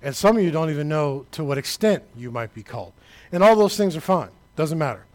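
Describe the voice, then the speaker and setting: A man preaching a sermon, talking straight to the congregation, building to shouted peaks and then dropping low and quiet. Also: lively intonation, a little fast. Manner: conversational, addresses the congregation directly.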